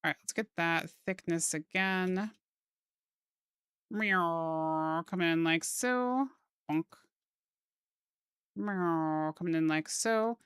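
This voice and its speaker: A woman's voice: lowish voice, normal speed, hardly any pauses, fairly bright tone, clean tone, dry recording, clean studio sound. A playful young woman chatting casually and joking while she draws on stream. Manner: playful, goofy wordplay and silly put-on phrases. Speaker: streamer drawing live. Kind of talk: casual chat while drawing.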